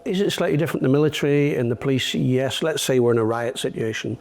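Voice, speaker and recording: Middle-aged british guy, calm and steady, explains stuff patiently, medium pitch. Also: fast. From Britain. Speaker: guest, veteran and trainer. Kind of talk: casual interview.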